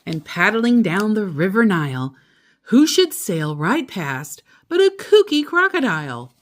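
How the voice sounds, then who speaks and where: A woman reading a picture book aloud to a child in an expressive, playful way. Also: medium pitch, a little slow. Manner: expressive, playful, laughs along. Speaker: storyteller.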